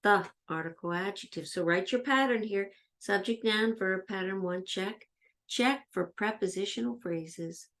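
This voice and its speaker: Slow, sing-song woman teaching grammar. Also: medium pitch, fairly bright tone. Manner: slow, chanting question-and-answer drills; plays a pretend student asking herself questions. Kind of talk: grammar lesson for young children.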